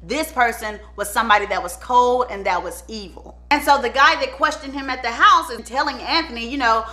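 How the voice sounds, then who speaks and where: A woman hosting her channel, telling a true-crime story in a chatty, animated way and acting out the people in it. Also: sits high, brisk, few pauses. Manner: animated, chatty, acts out the quotes.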